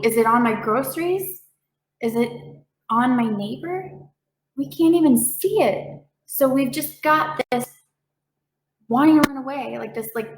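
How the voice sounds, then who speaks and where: A woman giving a calm, reassuring talk as a reiki practitioner, with playful voiced asides. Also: on the high side, echoey room, a little hiss or hum, low-quality recording. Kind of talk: gentle explanatory talk.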